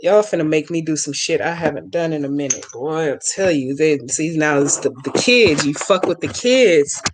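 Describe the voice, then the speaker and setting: A woman's voice: low-pitched, moderate pace, background noise. Blunt, profane woman on a live stream. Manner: addresses viewers by name, talks back to the comments. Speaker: host of a live stream answering viewer comments. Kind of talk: casual live-stream chat.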